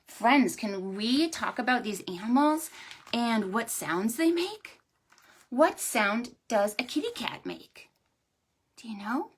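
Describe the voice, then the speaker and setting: Young lady librarian doing storytime for little kids, slow and super sing-songy, highish voice. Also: husky. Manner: slow, animated and sing-song, talking to small children. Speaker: children's librarian. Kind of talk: preschool storytime reading.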